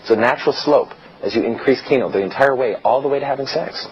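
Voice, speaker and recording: A man's voice: medium pitch, quick pace. A man giving a casual seminar-style lecture as a dating coach, blunt and chatty, often acting out quoted dialogue. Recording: dull lo-fi recording with faint hiss.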